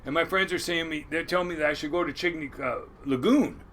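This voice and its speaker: A man in his sixties, a crab boat captain, telling his life story in an interview, animated and salty, acting out the people he quotes. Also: on the high side, fast, a little hiss or hum.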